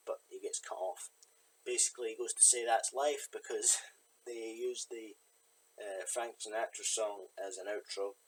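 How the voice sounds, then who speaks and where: The reviewer's medium-pitched voice has a breathy edge, and the recording quality is low. He casually walks through a film's plot, rambling with many fillers and asides.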